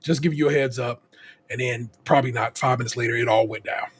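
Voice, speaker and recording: A man's voice: medium pitch, fast talker, slight background noise. A man co-hosting a casual podcast, ranting profanely with many restarts and acting out other people in quotes. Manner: animated, voices others in quotes. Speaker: podcast co-host.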